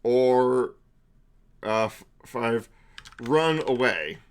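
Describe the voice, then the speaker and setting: A man's voice: mid-range voice, drawn-out words, smooth. A young man narrating a tabletop game for a live-stream chat, chatty with frequent fillers and laughs.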